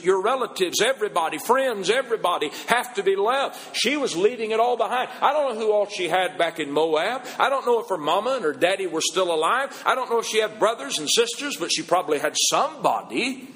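A preacher with a high voice delivers a sermon in a church. His pitch climbs and drops sharply, and he slows down hard to press his points. The sound carries a long hall reverb. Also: fairly bright tone. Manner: rises and falls in pitch, slows for emphasis.

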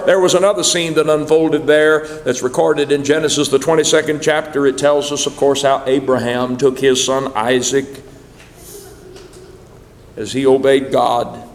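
A man's voice: a little high, measured pace. A man preaching a sermon, telling a story dramatically with swelling emphasis. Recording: echoey hall.

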